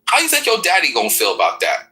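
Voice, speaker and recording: Profane, taunting man, bright voice. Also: high-pitched, huge pitch swings, quick pace, low-quality recording. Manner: aggressive, profane, taunting, threatening. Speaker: chat room speaker. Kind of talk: heated trash talk in an online audio room.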